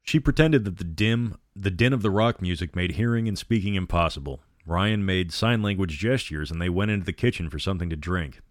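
A man's voice: low voice, a little fast, few pauses, dry recording, studio quality. A man narrating a horror novel aloud, reading every character in his own voice. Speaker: storyteller.

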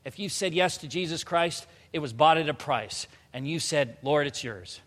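A man in his thirties preaching a sermon, animated, moving from loud emphatic bursts to quiet earnest passages. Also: on the high side, normal speed, long reverb tail. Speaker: pastor.

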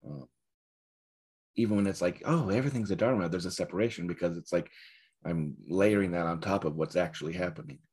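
A man giving a dharma talk as a Zen teacher, reflective and searching, with soft laughs. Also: deep voice, steady tone, a little fast, slightly rough.

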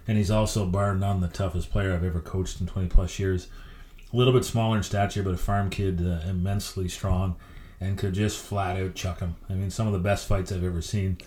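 A middle-aged man with a very low voice tells coaching stories at a brisk clip. He speaks as a guest in a podcast interview and is a lively, anecdotal storyteller. His voice carries a noticeable room echo.

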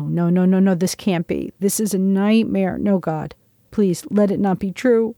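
Brief: woman with a fairly low voice, dry and close, reading her memoir with intense drama. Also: dark tone, no room sound. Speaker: memoir narrator. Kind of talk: first-person memoir reading.

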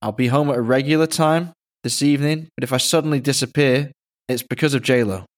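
A man's voice: mid-range voice, a little fast. A man with an English accent hosting a podcast, joking in a dry, self-mocking way. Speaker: podcast host. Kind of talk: casual podcast banter.

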